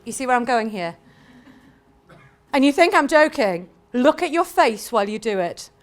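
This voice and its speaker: A woman giving a lively sales talk to a live audience, acting out little scenes in quoted voices. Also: a little high, moderate pace, long pauses. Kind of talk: lively conference presentation.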